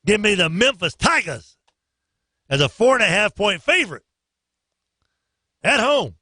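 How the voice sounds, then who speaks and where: A man's voice: high voice, sing-song, measured pace, pauses often, bright, forceful tone, no room sound. A man hosting a morning sports radio show from a studio. He runs through his picks in a loose, joking way with a slightly raised voice. The sound is dry and close. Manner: loose, joking, sings snatches of songs.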